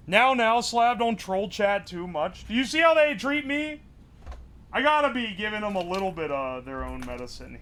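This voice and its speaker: A man's voice: sits high, a bit bright, slight background noise. A man streaming live, joking with his chat and thinking aloud while he builds something. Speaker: livestreamer. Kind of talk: casual livestream chat.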